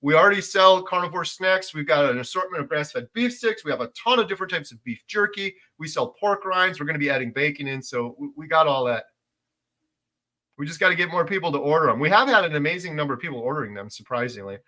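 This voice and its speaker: A man's voice: on the high side, animated, fast. A middle-aged man hosting a casual livestream, reading out viewer comments and making his points with emphasis. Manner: emphatic, gets loud when making a point. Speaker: livestream host.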